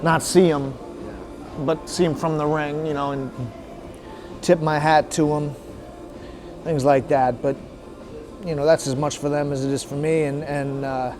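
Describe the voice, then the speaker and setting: A man's voice: fairly high pitch, level tone, unhurried, long pauses, over music, low-quality recording. A professional boxer, a man, speaking plainly in a documentary interview, restarting words and leaning on fillers.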